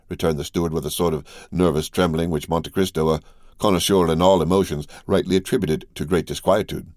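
A man with a notably deep, low voice reads a classic novel aloud at a steady, unhurried pace. The recording is close and completely dry, with no room around him. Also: no room sound. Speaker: audiobook reader. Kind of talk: scripted narration.

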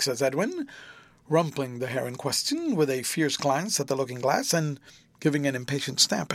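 Lively, expressive male audiobook narrator. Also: mid-range voice, normal speed, dry recording. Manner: expressive, storytelling. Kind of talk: scripted narration of a classic novel.

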